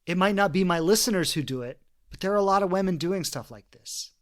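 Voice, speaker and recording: Guy hosting a relationship podcast, earnest and reflective, voice a bit on the high side. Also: lively intonation, quick pace. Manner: earnest, retells stories with quoted voices. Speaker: podcast host.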